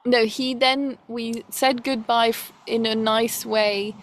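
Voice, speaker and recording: A woman's voice: a little high, fairly even intonation, slow pace. A woman casually recounting a personal story, rambling and quoting others, slipping into French now and then.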